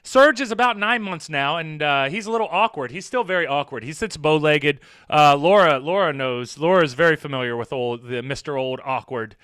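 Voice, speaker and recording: Man, high and bright voice, loose profane streamer chatter, teasing the chat, dry close mic. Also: fairly quick, hardly any pauses, clear, resonant tone, no echo. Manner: rambling, profane, teasing, laughs often. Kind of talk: casual live-stream chat.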